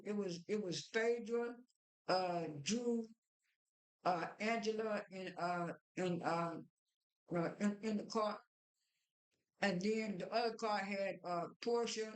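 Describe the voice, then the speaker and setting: Rambling woman vlogger in an echoey room. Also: mid-range voice. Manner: rambling, with many restarts and fillers. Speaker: vlogger recapping a TV episode. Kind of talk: casual spoken recap.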